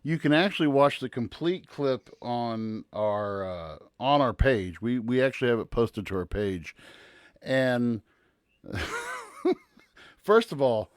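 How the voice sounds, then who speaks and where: A man who is a teacher, hosting a casual podcast in an easygoing, halting way. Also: medium pitch, lively intonation, no echo, clean studio sound. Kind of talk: casual chat.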